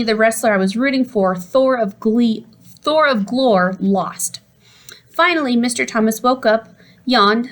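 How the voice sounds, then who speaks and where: A woman reading a children's storybook aloud in an expressive way, putting on voices for the characters. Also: a little high. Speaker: audiobook reader. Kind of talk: storybook narration.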